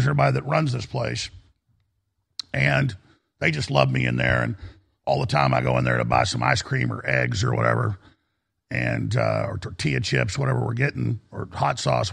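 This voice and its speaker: A man's voice: medium pitch, fairly bright tone. A middle-aged man hosting a talk radio show, telling rambling stories in an emphatic manner. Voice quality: gravelly, raspy.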